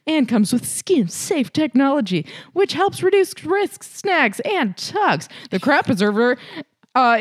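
A woman's voice: on the high side, dry recording. A young woman co-hosting a podcast, chatting crudely and joking, also reading a sponsor ad. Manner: crude, jokey, loose delivery. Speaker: podcast co-host. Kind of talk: casual chat and read sponsor ad.

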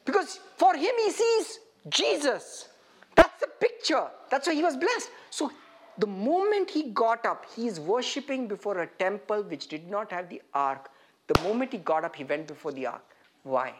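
A man preaching an interactive sermon, animated and putting questions straight to his listeners. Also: high-pitched, normal speed.

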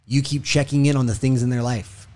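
A former hostage negotiator gives a motivational talk, emphatic and repetitive, a little fast, with fairly even intonation. He rises when telling stories and drops low and quiet for key lessons.

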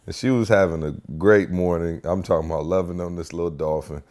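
A man hosting a casual podcast, telling a family story with lively energy and acting out what people said. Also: low-pitched, brisk. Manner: animated storyteller, acts out quotes. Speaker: podcast host.

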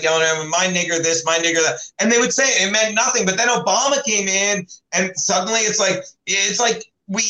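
High, bright-voiced profane male comic. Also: echoey room, low-quality recording. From South Jersey, United States. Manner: animated, profane, quick storytelling. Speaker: comedian and show host. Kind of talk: casual podcast chat.

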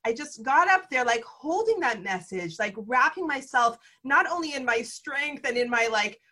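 A woman hosting a conversation and telling a personal story in a casual, animated way, acting out the dialogue. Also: high voice, moderate pace. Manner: animated, acts out dialogue, frequent "like". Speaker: host.

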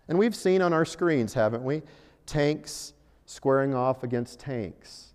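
A man's voice: fairly high pitch, darkish tone. A man preaching a sermon, earnest, with rhetorical questions and stressed key phrases, in a church hall. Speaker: pastor. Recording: echoey hall.

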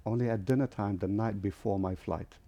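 An older Lebanese man, an airline founder appearing as a guest, tells his life story in an interview. His lowish, dark-toned voice runs a little fast on a muffled recording, and he's a vivid storyteller who acts out other people's voices.

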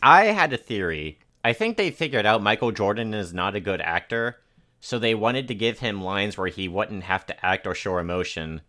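A man co-hosting a movie review podcast, talking casually with a dry, deadpan delivery. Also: on the low side, normal speed. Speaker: podcast co-host.

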